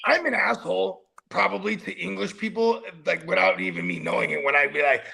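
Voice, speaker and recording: A man co-hosting a sports podcast, joking loudly and laughing in casual banter. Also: sits high, big pitch swings, vocal fry, breathy edge. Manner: loud, joking, quick to shout and laugh. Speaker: podcast co-host.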